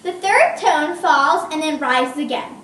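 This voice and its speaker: High, bright woman presenter speaking slowly in an echoey room. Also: expressive, recorded from a distance, heavy background noise. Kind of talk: classroom presentation.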